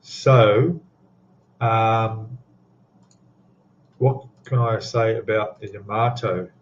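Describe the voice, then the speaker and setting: A man's voice: on the low side, fairly even intonation, drawn-out words. A man chats unhurriedly on a home live stream, rambling along with ums and self-deprecating asides. The audio is dull and lo-fi, with a faint hiss behind him. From Australia. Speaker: scale modeling livestream host. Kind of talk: casual live stream chat. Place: home hobby room.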